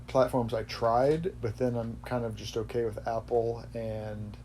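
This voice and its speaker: A man's voice: mid-range voice, flat delivery, a little slow, dark tone, a little hiss or hum. A man hosting a podcast, chatting casually in a rambling way that often corrects itself. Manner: rambling, self-correcting, laughs easily. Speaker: podcast host. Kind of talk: casual chat.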